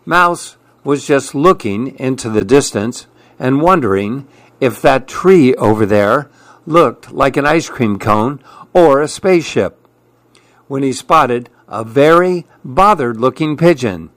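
Slow, calm male storyteller. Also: medium pitch, dry recording. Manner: calm and measured. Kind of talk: children's story read-aloud.

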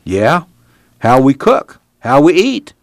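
A man's voice: medium pitch, wildly swooping pitch, slow, dry recording, voice pushed up, heavily acted. A man voicing a weary, plain-spoken farming father in an audiobook reading.

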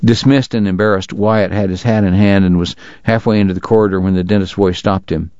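A man reading a story aloud as its narrator, with steady storytelling. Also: fairly low pitch, brisk, vocal fry, no room sound, highs cut off. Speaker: audiobook narrator. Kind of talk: scripted narration.

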